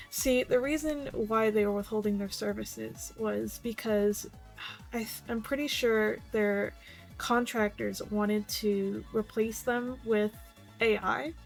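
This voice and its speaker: A woman's voice: medium pitch, vocal fry. A woman vtuber giving casual, blunt commentary, swearing freely and reading posts aloud.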